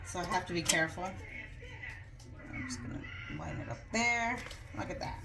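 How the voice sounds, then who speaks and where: A woman's voice: on the low side, normal speed, vocal fry, background noise. A woman vlogging casually in her home kitchen, chatty and rambling, a little out of breath and joking about herself. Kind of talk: casual chat.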